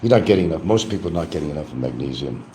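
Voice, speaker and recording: A man's voice: rumbling low, lively intonation, racing, warm tone, slight background noise, low-quality recording. An older man hosting a livestream, talking in a casual, rambling monologue with many restarts. He keeps repeating a catchphrase in a mock sing-song lift. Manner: frequent restarts and trailing asides. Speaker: livestream host.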